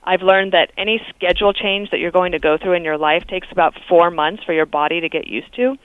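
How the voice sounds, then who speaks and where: A woman's voice: lowish voice, brisk, clear, resonant tone, dry recording. A woman calling in as a guest on talk radio, speaking in a chatty, candid way with small fillers. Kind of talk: phone interview on talk radio. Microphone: phone. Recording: tinny phone line.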